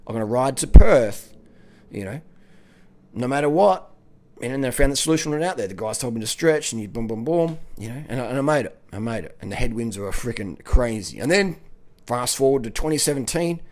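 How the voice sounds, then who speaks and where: Australian man, casual vlogger monologue, rambling, excitable, mid-pitched voice. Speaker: cycling vlogger.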